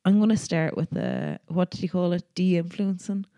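A woman's voice: fairly low pitch, fairly even intonation, normal speed, mellow, no echo. An Irish woman co-hosting a podcast, chatting casually and laughing as she tells stories. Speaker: podcast co-host. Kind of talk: casual chat.

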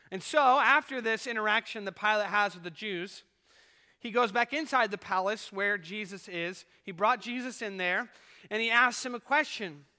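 Man, pastor, sermon, earnest preaching, swelling then quiet, echoey church hall. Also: high-pitched. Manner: earnest preaching that rises and falls in volume. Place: church sanctuary.

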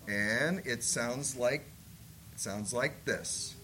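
A man's voice: medium pitch, slow pace, very noisy. A man preaching as a missionary, folksy and joking as he tells stories from the pulpit. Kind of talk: sermon with stories.

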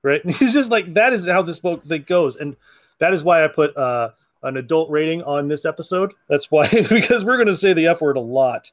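A man's voice: a little high, animated, a little fast. A man hosting a comic book podcast, chatting casually, laughing often and acting out lines from comics. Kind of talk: casual chat.

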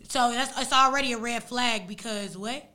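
A young woman whose first language is Arabic, casually retelling a story in an animated, slangy way as a podcast guest. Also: a little high, moderate pace.

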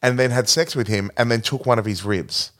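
A man chatting casually about a film, retelling its plot in an animated, rambling way. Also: mid-range voice, a little fast. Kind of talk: casual film review chat.

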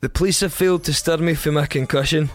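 A young Scottish man telling a crude first-person comic story in a wry, deadpan way. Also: fairly high pitch, fast, faint music behind. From Scotland. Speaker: podcast storyteller.

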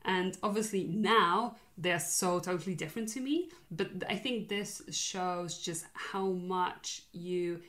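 Lowish voiced young woman chatting, stops and restarts a lot, lots of um and like. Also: a bit bright. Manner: thoughtful, halting, many fillers and restarts. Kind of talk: casual chat.

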